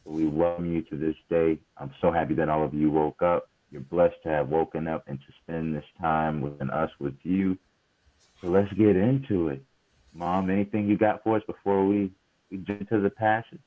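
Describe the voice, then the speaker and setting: A man with a very deep voice co-hosts a casual podcast in an upbeat way, turning to his listeners often. The sound is dry and thin, like a phone line. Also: steady tone, normal speed, no echo. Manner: upbeat, speaks straight to listeners. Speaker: podcast co-host.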